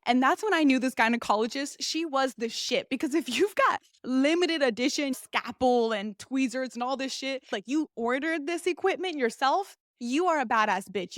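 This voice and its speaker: A woman's voice: sits high, no echo, clean studio sound. A young woman hosting a podcast, telling a personal story in a candid, blunt, crude way. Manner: candid, blunt and crude, acts out the nurses' soothing voices. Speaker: podcast host. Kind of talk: casual storytelling monologue.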